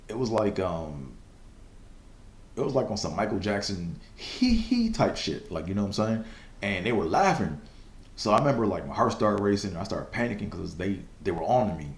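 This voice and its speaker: A man's voice: deep voice, reverberant. A young man hosting a casual solo podcast, telling a personal story in a loose, rambling way full of fillers and swearing, with a stutter now and then. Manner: stutters at times. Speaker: podcast host.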